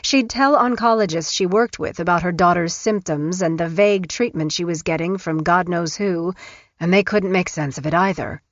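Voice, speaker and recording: A woman narrating an audiobook in a measured, even way. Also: lowish voice, no echo. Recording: dull, dry studio recording.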